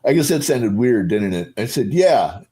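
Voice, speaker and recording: A man's voice: mid-range voice, a little hiss or hum. A middle-aged man on a panel talk, telling a rambling story with lots of fillers and acting out the other people's voices as he goes. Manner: rambling, animated, acts out voices in his retelling. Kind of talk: casual storytelling on a video call panel.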